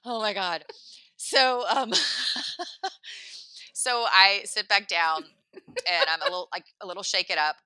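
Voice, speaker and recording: A woman casually telling a comic story in an animated, rambling way, full of "like" and acted-out quotes. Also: medium pitch, slow pace, long pauses, clear, resonant tone, dry recording.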